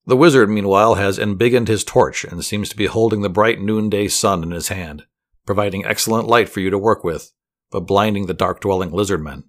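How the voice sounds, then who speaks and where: Deep-voiced man narrating calmly. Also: fairly quick. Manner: soothing, steady, dryly humorous. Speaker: storyteller. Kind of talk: calm guided fantasy narration.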